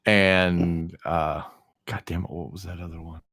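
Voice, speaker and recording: A man's voice: low voice, level tone, a little slow, fairly bright tone. A man joining a casual chat as a guest, hesitant and full of fillers, swearing casually.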